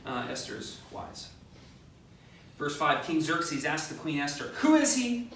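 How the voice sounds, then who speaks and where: Bright-voiced preacher in an echoing church. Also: male voice, a little high, a little slow, a little hiss or hum. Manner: animated, acts out quotes, joking asides. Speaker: pastor. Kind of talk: conversational sermon. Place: church sanctuary. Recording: very echoey, distant mic.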